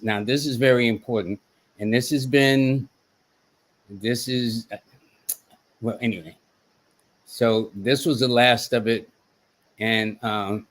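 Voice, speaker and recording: Male host, mid-pitched, easygoing live-stream talker who reads messages aloud. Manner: conversational, quotes text messages aloud, many fillers. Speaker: host and astrologer. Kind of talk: casual live-stream talk.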